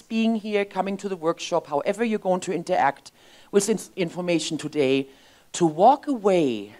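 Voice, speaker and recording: A woman in her fifties giving an emotional, expressive inspirational sermon as a spiritual speaker in a church. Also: fairly low pitch. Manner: expressive, emotional, lively storytelling. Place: church sanctuary.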